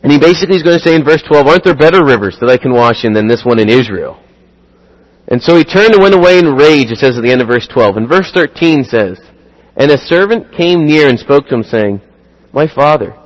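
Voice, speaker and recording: A man's voice: medium pitch, a little fast. Man preaching in a reverberant hall. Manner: animated, acts out dialogue in sudden louder bursts. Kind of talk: sermon.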